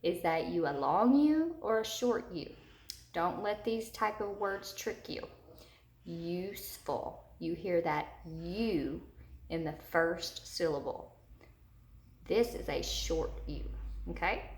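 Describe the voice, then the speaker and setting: A woman's voice: lowish voice, expressive, darkish tone. A woman teacher giving a recorded lesson to young children, patient and guiding them step by step. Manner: slow, patient, talks learners through each step. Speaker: third grade teacher. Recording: echoey room.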